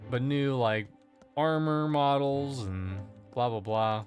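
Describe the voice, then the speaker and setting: Taking it slowly, a man with a mid-range, darkish voice gives casual commentary while streaming a video game. He jokes, swears and rambles, and faint music plays behind him.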